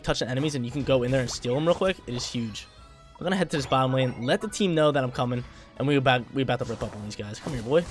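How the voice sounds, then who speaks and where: Male gaming creator, mid pitch, quick trash-talk commentary. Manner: hyped, trash-talking, repeats phrases. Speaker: gameplay commentator. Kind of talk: live gameplay commentary.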